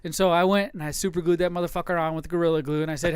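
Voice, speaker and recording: Male podcast co-host with a high, resonant, dry-sounding voice, animated and crude. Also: racing, smooth, no room sound. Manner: animated, profane, acts out his wife's lines. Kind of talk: casual crude storytelling.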